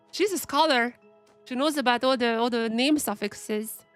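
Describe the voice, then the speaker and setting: A woman's voice: a little high, normal speed, soft background music. A young woman streaming a game, chatting casually and thinking aloud as she reads the game's text. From Eastern Europe. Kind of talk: casual gameplay commentary.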